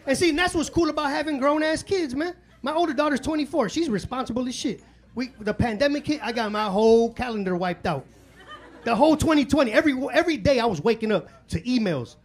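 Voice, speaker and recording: A man's voice: extremely high pitch, quick pace. A man in his forties from Chicago doing a stand-up comedy set in a club, with loose, profane street talk full of fillers.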